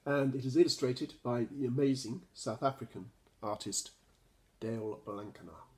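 A middle-aged man, a children's author, reading his picture book aloud in an expressive storytelling manner. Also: mid-range voice, normal speed.

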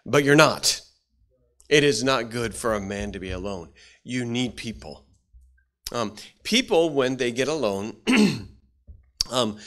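A middle-aged man delivers a sermon in a plain, folksy way. His speech halts and restarts often, and he clears his throat from time to time. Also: lowish voice, fairly bright tone. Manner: folksy, halting delivery with many restarts and fillers. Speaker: pastor.

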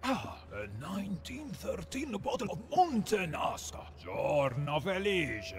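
A courteous, scheming Italian mob kingpin, game voice, wildly swooping pitch. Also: male voice, huge pitch swings, measured pace, a crowd in the background, full character voice. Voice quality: theatrical, swooping delivery. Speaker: game character.

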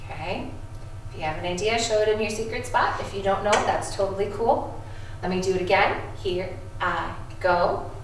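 A woman music teacher leading a lesson for second graders, calmly encouraging them and chanting rhythm syllables. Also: medium pitch, normal speed, heavy background noise. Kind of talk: video music lesson for children. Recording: echoey room, voice from a distance.

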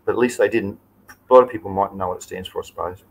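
An Australian man with a fairly low voice hosts a relaxed live stream. His talk is loose and rambling, with plenty of filler and friendly asides to his viewers. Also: fast talker, gravelly, husky, poor audio. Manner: chatty, easygoing, loose and rambling. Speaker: livestream host. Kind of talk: casual live chat.

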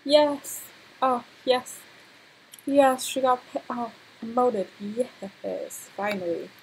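A young woman giving casual, excitable let's-play commentary, full of gasps and laughter. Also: on the high side, slow, creaky, faint music behind, rough recording. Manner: excitable, laughing, exclamatory reactions. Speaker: gameplay commentator.

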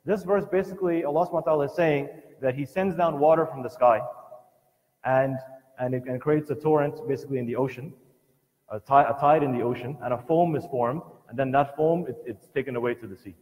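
A man's voice: medium pitch, a little fast, darkish tone. A man giving a religious lesson at a family program, telling the story earnestly and emphatically, often restarting his sentences. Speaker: lecturer at a community family program. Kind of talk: religious lesson retelling a scholar's life. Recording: long hall reverb.

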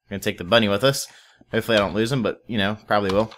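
Low-voiced young man rambling over a game. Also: fairly even intonation, very fast, fairly bright tone, a little hiss or hum. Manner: rambling, swears casually, talks to viewers and in-game animals. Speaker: Let's Play host. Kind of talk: casual gameplay commentary.

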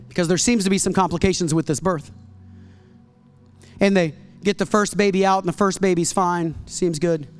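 A man, a pastor, telling a miracle story in a sermon, acting out the dialogue and building to loud climaxes. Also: sits high, steady tone, normal speed, pauses often, soft background music.

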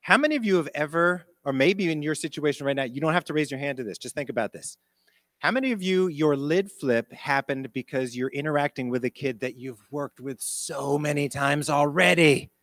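A middle-aged man giving a storytelling workshop talk to educators, animated and asking the audience questions. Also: on the high side, brisk, no room sound. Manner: animated, acts out quotes, asks the audience questions. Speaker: conference presenter, former principal. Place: conference breakout room.

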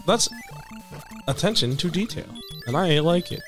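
A young man chatting casually over a video game, excitable and teasing, laughing often. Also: fairly high pitch, normal speed. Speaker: co-host watching a let's play. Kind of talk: casual gaming chat. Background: faint game music.

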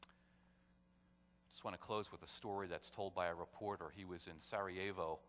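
A male pastor preaching a sermon, swinging between loud, emphatic calls and quiet, low storytelling. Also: fairly even intonation, moderate pace. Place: church sanctuary. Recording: long church hall reverb.

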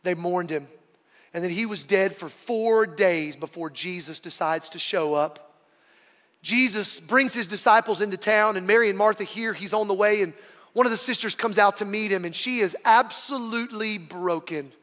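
Male pastor, high bright voice, dramatic sermon delivery, big reverberant hall. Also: normal speed. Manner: dramatic storytelling, swinging from loud to hushed.

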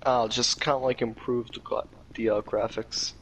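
A young man, slightly hoarse, rambling casually with lots of fillers while playing a game. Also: medium pitch, level tone, normal speed, poor audio. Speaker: gamer. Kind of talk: casual chat over gameplay. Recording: game gunfire and engine noise behind.

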